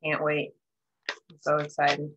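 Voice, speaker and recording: A woman giving a general tarot reading to her viewers, earnest and heartfelt, often checking in with "right?" and soft hums between thoughts. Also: deep voice, monotone, takes it slowly, highs cut off, noisy background. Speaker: tarot reader.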